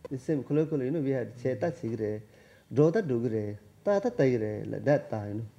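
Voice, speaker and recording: A man explains a text's grammar, going word by word and circling back with repeated phrases. His voice is dark and mellow, even in tone. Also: medium pitch, a little fast, dull audio. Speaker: Tibetan language teacher. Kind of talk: casual text-study session.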